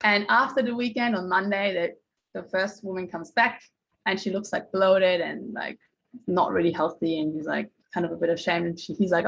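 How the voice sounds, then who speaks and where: A woman's voice: on the low side, fairly even intonation, a little fast, vocal fry, breathy edge, rough recording. Woman, mindset coach, casual group talk, chatty storytelling, acts out quotes.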